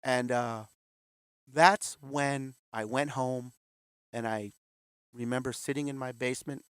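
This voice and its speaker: A man's voice: mid-range voice, steady tone, a little slow, clear, resonant tone, no echo. A man in his fifties, a guest in an interview, telling his story candidly and acting out the voices of the people he quotes. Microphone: video call.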